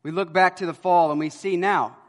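A man preaching an expository sermon with a slightly raised voice. He swings from emphatic, loud lines to hushed ones as he tells his stories. The sound carries a long church-hall reverb. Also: steady tone, brisk. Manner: storytelling, swings between loud emphasis and quiet low lines.

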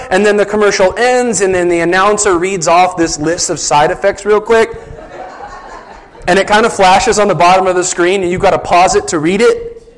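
A man's voice: high-pitched, low-quality recording. A man preaching a sermon as a pastor, conversational, asking the congregation rhetorical questions.

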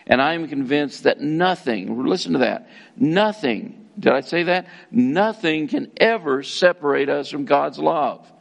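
A middle-aged man delivers a sermon with a gravelly edge to his voice. He preaches earnestly, piling up repeated words for emphasis and calling his congregation folks. His pitch sits at an ordinary middle level for a man. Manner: addresses listeners as folks, occasional restarts. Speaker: pastor.

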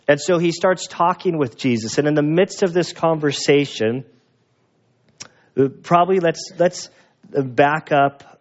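A male pastor preaching a sermon, slow and earnest, often restarting his phrases. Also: mid-range voice. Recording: dull lo-fi sound.

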